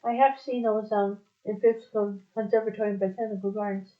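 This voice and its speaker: A woman's voice: mid-range voice, steady tone, a little fast, lightly acted. A woman playing a cheerful young woman who chats and coaxes a machine, with a giggly, chatty manner. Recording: dull lo-fi recording.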